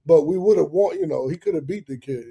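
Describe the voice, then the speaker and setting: Husky guy hosting a live boxing chat, kinda high voice, cussing and telling stories loose. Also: fairly quick, muffled recording. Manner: animated, profane storytelling with many fillers. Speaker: live show host. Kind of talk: casual storytelling chat.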